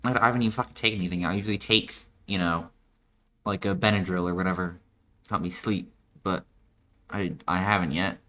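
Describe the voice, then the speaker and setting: A man's voice: low-pitched, fairly even intonation, a little fast, a bit bright. A man reading a story game's text aloud and making casual, swearing asides as a let's play host, while ill. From United States.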